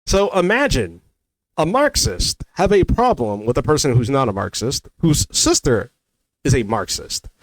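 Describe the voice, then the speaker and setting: A man's voice: mid-range voice, big pitch swings, measured pace, no room sound. A man giving a heated, argumentative commentary rant, often repeating himself as he rebuts a critic. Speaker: commentary creator. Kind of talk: ranting commentary to camera.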